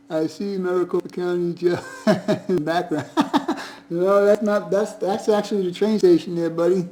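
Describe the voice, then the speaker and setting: A man with a notably high-pitched speaking voice hosts a casual live stream from home. He greets viewers one after another in a friendly, chatty way. Frequent chuckles run through his talk. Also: fairly even intonation, measured pace, long pauses, darkish tone, a little hiss or hum, low-quality recording. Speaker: livestream host.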